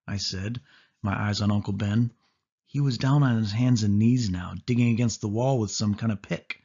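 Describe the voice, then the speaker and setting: A man reading a children's storybook aloud in steady first-person narration. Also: lowish voice, moderate pace, husky. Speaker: audiobook reader. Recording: dull lo-fi audio.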